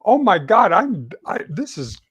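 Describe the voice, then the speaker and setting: A man's voice: big pitch swings, measured pace, noisy background. A man putting on an impression of a flustered elderly politician panicking on stage about his voice. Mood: panicked. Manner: panicky, strained, pitched up high.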